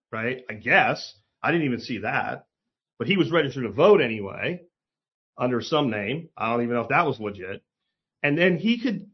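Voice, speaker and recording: Blunt, profane man with a husky voice. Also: fairly high pitch, muffled recording. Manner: blunt, profane, sarcastic, emphatic. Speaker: commentary host. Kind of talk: casual opinion monologue.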